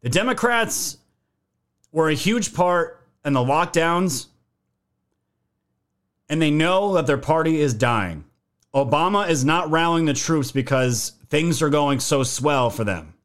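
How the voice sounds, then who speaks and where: A man's voice: a little high, animated, takes it slowly, a bit bright. A man hosting a podcast, giving casual political commentary in a joking, profane way. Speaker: podcast host.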